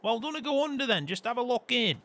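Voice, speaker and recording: A man's voice: very high-pitched, sing-song, fairly quick, fairly bright tone, heavily acted. A man playing a grumpy farmer in a game role-play, grumbling and swearing constantly. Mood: complaining. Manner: grumbling, peppers every line with swearing.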